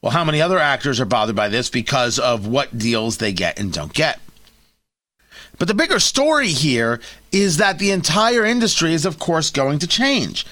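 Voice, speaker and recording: A middle-aged man hosting a radio talk show, giving opinionated commentary with sarcasm and quick asides. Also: fairly high pitch, no echo. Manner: sarcastic, animated, quick asides and mock voices. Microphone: studio microphone.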